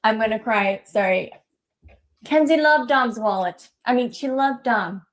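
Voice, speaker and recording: A woman's voice: fairly high pitch, a little slow, lightly acted. A woman acting as a self-pitying mother in a comedy parody, mock-sobbing and sarcastic. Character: self-pitying mother of a young woman, fake-tearful and mocking. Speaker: actor in a parody sketch.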